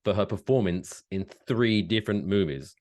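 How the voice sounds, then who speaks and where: A man's voice: fairly low pitch, lively intonation, normal speed, a little mellow. A man co-hosting a podcast in casual chat, rambling and laughing at his own jokes. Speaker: podcast co-host.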